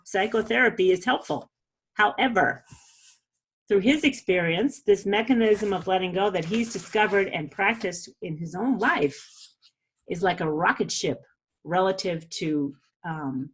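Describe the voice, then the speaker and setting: A woman's voice: medium pitch, slightly rough. A middle-aged woman hosting a podcast, talking through a self-help method in a chatty, earnest way and checking in with "okay?". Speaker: podcast host. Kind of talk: casual self-help monologue.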